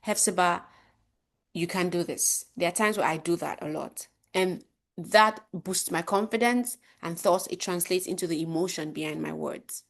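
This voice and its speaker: A woman teaching a public speaking course in a conversational way. She asks rhetorical questions and acts out her examples with big jumps in pitch and loudness. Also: steady tone, normal speed, vocal fry. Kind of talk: course lecture.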